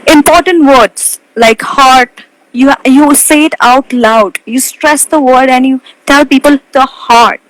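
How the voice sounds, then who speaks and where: Earnest high-voiced young woman. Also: fairly bright tone, poor audio. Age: 20s. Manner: earnest, stresses key words, slows to make a point. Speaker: pageant titleholder guest. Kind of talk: casual interview over a live video call. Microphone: video call.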